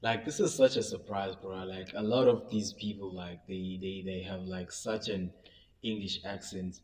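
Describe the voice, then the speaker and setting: Give me a man reacting to clips in relaxed, slangy chat. His voice is fairly low, and "bro" and "like" come up constantly. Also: normal speed, slight background noise. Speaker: reaction commentator.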